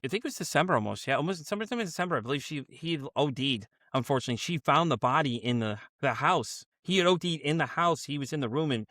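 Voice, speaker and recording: A man hosting a podcast, telling stories in a casual, animated way, acting out quotes and swearing freely. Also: fairly high pitch, fast talker, hardly any pauses, no echo, clean studio sound. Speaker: podcast host.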